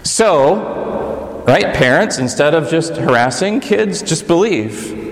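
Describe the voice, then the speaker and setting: A man preaching a sermon, swinging between high urgent passages and low intimate ones. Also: animated, slow pace. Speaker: pastor. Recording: echoey hall reverb.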